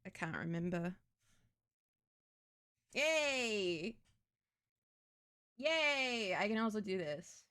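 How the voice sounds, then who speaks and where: A woman's voice: fairly low pitch, fairly quick, few pauses. Crude, blunt young woman streamer. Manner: crude, blunt, self-mocking. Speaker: VTuber streamer. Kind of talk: casual live-stream chat.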